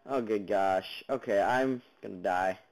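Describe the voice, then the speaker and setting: On a basic computer mic without headphones, a gaming channel host gives jumpy let's-play commentary on a block-building game. His voice sits on the low side, a little slow and slightly mellow, and he chatters at monsters and viewers with sudden yelps. Audio quality is poor.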